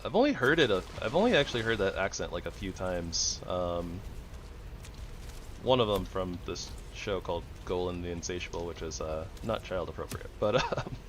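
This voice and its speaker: A man's voice: deep voice, lively intonation, normal speed, fairly bright tone, slight background noise. A young man chatting casually and rambling while he plays a game, chuckling often. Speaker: gaming streamer. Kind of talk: casual gameplay chat.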